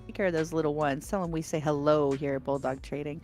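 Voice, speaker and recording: A woman with a New York accent co-hosting a livestream, reading viewer messages in a bubbly, animated way and laughing often. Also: low-pitched, fast, soft background music. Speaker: livestream co-host reading chat. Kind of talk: casual livestream chat.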